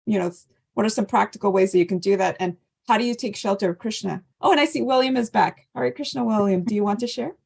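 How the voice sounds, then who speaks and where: A woman's voice: mid-range voice, quick pace, vocal fry, husky. A woman leading an online devotional scripture class over a video call, thanking people and asking them to share. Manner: warm thanking and inviting sharing. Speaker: class leader.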